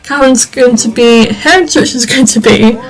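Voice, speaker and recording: Chatty high-voiced woman narrating gameplay. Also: moderate pace, low-quality recording. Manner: chatty, rambling, lots of fillers. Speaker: video game creator. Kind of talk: casual gameplay commentary.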